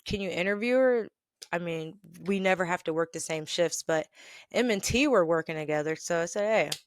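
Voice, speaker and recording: A woman podcast host casually telling stories about an old retail job, chatty and animated, often laughing. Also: fairly low pitch, normal speed, no echo, studio quality. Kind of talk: casual storytelling rant.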